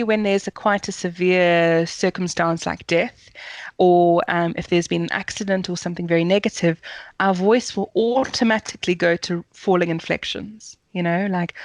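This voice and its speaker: A woman's voice: on the low side, fairly even intonation, moderate pace, no room sound. A woman with a South African accent, a communications coach explaining voice technique in a podcast interview, often demonstrating intonation.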